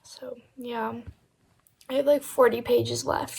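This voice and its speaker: Woman, book vlogger, slightly high voice, slow unhurried talk, lots of "like", phone mic. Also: flat delivery, creaky, darkish tone, slightly rough. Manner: chatty, heavy use of "like" fillers; emotional and effusive about books. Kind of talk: casual reading vlog to camera.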